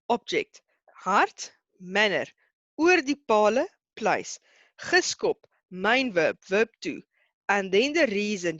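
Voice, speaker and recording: A woman's voice: mid-range voice, fairly bright tone, no echo, dull audio. Encouraging woman teacher on a video call. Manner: patient, encouraging, laughs easily. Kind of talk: online lesson.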